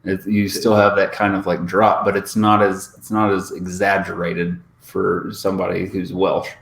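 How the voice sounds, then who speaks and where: A man's voice: deep voice, flat delivery, moderate pace, vocal fry, a bit bright. A man, chatting casually on a podcast in a rambling, profane way. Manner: rambling, filler-heavy, profane. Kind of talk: casual chat. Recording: roomy room with faint ambience.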